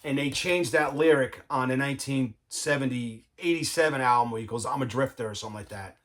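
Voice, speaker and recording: A man's voice: mid-range voice, brisk, fairly bright tone. A man, casually talking viewers through his record collection, enthusiastic and loose, saying "man" and "all right" a lot. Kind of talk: casual show-and-tell vlog.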